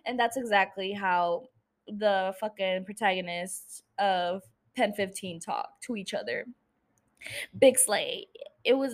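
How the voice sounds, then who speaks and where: A woman's voice: medium pitch, slow. A young woman in her twenties casually chatting as a podcast host, sprinkling in swears and laughs. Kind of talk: casual chat.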